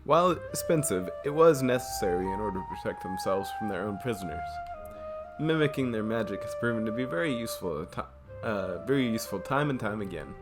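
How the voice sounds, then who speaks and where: A man's voice: lowish voice, lively intonation, a little fast, over loud music. A man hosting a game playthrough, reading the story aloud in a casual way with small slips. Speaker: host. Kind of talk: narrating a visual novel playthrough.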